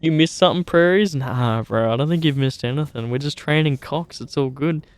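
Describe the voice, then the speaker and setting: A young Australian streamer hangs out by a campfire outdoors, casually chatting with viewers in an easygoing, matey style, full of swearing and calls of mate. His voice is on the high side, fairly quick, clear and resonant, with no room sound.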